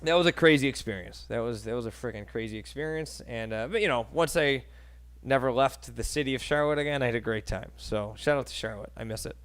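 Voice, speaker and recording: A man's voice: medium pitch, fast talker. A man in his thirties with a New York accent, hosting a casual interview and telling stories with acted-out quotes and frequent laughs. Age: 30s. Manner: animated storyteller, acts out quotes, laughs often. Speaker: host.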